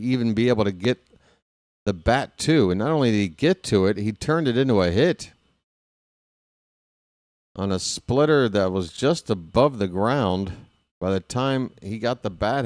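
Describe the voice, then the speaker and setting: A man's voice: fairly low pitch, animated, measured pace, darkish tone, no echo, studio quality. A man calling a baseball game live as a fan play-by-play host, rooting openly for his team in a chatty way. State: hiccups.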